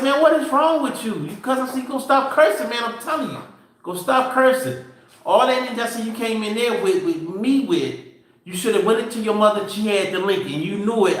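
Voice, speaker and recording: A man's voice: high voice, fairly bright tone. A middle-aged man co-hosting a casual live family chat, rambling through stories and acting out his own dialogue. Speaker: show co-host. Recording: very echoey room.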